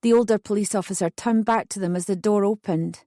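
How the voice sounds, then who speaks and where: A woman reading a first-person true story as an audiobook narrator, in steady, earnest scripted narration. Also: mid-range voice, fairly quick, dry recording, clean studio sound.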